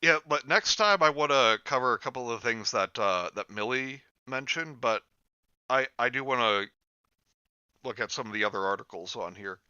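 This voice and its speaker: A man's voice: mid-range voice, moderate pace, pushed and bright, clear, resonant tone, no echo, lo-fi sound. A man co-hosting a casual podcast, riffing and joking. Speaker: podcast co-host.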